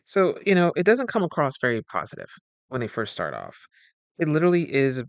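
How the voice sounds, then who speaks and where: This communication coach has a mid-range voice and talks fairly quickly on a dry, muffled recording. His casual, rambling, animated talk often acts out the people he describes in quoted dialogue, and he corrects himself mid-word.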